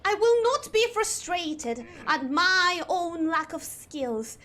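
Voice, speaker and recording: A woman's voice: very high voice, very animated, takes it slowly, pushed and bright. A woman streamer chatting while she plays a game, talking in an affected posh English accent with a prim, fussy manner. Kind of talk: gaming livestream chat.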